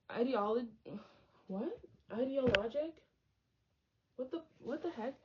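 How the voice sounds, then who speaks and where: A woman's voice: mid-range voice, dark tone. Young woman reading aloud, chatty asides. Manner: stumbles over hard words and breaks off into chatty tangents. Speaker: book reader and commentator. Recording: dull lo-fi audio.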